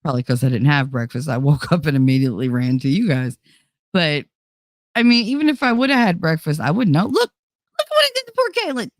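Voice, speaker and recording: A woman's voice: low-pitched, very animated, a little fast, dry recording, clean studio sound. A woman hosting a casual livestream, blunt and profane, reading chat aloud while tired and running on fumes. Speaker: livestream host.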